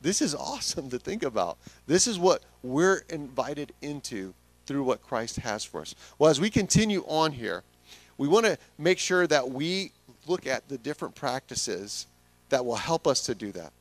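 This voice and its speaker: Guy giving a sermon, chatty and earnest, mid pitch, dry close sound. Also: no room sound. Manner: conversational, earnest, addresses the congregation directly. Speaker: pastor.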